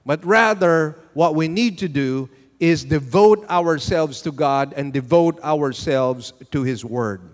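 Man, pastor, high-pitched voice, unhurried deliberate sermon, long hall reverb. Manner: slow, deliberate preaching with questions to the congregation.

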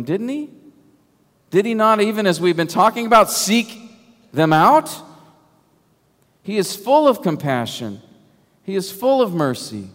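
A man preaching a sermon, emphatic and full of rhetorical questions, sometimes dropping to a hush. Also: on the high side. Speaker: pastor. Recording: long hall reverb.

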